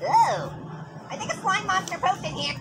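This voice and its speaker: A gaming YouTuber giving goofy, joking let's play commentary with squealing excited outbursts. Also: very high voice, normal speed, background noise. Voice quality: goofy and jokey.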